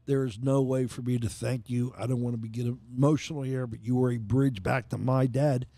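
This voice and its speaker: A man's voice: medium pitch, steady tone, fairly quick, mellow, no echo. An older man hosting a casual sports podcast, friendly and leading the talk, often repeating himself. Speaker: podcast host.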